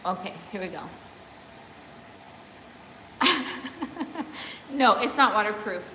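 A woman's voice: lively intonation, takes it slowly, noisy background. A woman chatting playfully through a makeup tutorial, teasing viewers and slipping in. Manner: playful, teasing, bursts into laughter and high sing-song bits. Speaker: makeup vlogger. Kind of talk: casual makeup tutorial chat with live comments. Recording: echoey room with long reverb.

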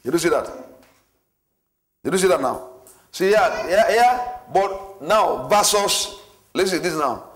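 A man with a fairly high voice leads a church marriage class. He lectures in an animated way, repeating points and acting out everyday situations for his listeners. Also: unhurried, pauses often, a little hiss or hum. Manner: repetitive, animated, acts out scenarios.

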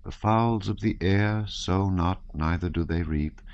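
A man's voice: low-pitched, measured pace, darkish tone, no room sound. Prince Andrew, a man reading a cold dying nobleman. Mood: cold, detached. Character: dying aloof nobleman, calm and detached. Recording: slightly dull recording.

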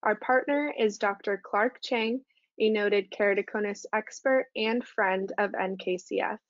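A woman's voice: medium pitch, no echo, dull audio. A woman, assistant director of a foundation, reading a prepared welcome to open a podcast. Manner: reads a prepared welcome evenly. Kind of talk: scripted introduction.

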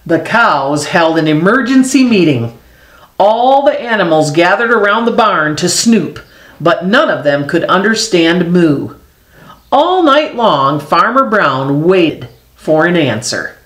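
A woman's voice: lowish voice, very animated, slow pace. A woman reading a children's picture book aloud expressively, voicing animal sound effects. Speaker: storyteller. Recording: echoey room.

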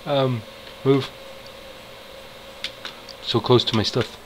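Man, gamer, casual play-by-play, unhurried delivery, muttering to himself, sudden excited yells, faint hum behind. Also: mid-range voice. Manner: talks to himself, frustrated outbursts and excited shouts. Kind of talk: casual gameplay commentary.

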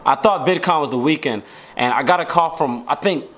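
A man's voice: fairly high pitch, a little fast, fairly bright tone, a little hiss or hum. A young man from Georgia in the US, rambling in slang to the camera at home and restarting his sentences. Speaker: vlogger. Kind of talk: casual chat to camera. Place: at home indoors.

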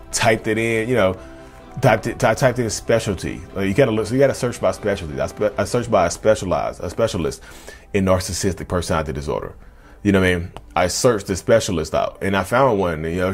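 A man in his thirties telling his own life story to camera in a candid, confessional way, often calling his viewers y'all. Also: on the low side. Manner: candid, addresses viewers as y'all, frequent restarts.

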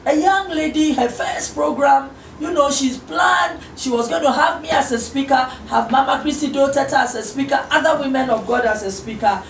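A middle-aged woman minister talks to an interviewer in an earnest, encouraging way. Her voice sits fairly high. The audio is roomy and picked up from a distant mic. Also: moderate pace, hardly any pauses, a little hiss or hum. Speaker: guest minister.

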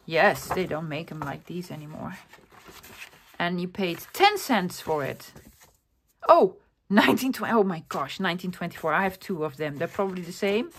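A woman's voice: on the low side, expressive, normal speed, a little hiss or hum. A woman vlogger casually showing off a haul of thrift finds, talking in an enthusiastic, rambling way with lots of fillers and self-corrections. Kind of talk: casual chatty show-and-tell.

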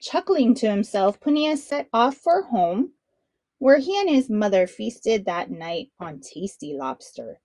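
A woman's voice: a little high, sing-song, unhurried, mellow, no echo. A woman reading a children's picture book aloud as a read-along host, in a friendly storytelling manner. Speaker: storybook reader.

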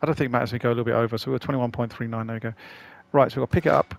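Male games host, mid-range pitch, gravelly edge, chatty casual commentary. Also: steady tone, racing, a little hiss or hum. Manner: chatty, rambling, self-deprecating. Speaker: gaming channel host.

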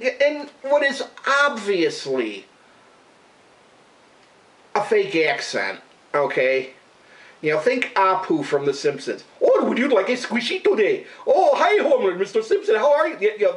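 A man's voice: a little high, a bit bright, distant mic, poor audio. Swearing, rambling man ranting. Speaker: radio show regular and vlogger. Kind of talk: casual profane rant to camera.

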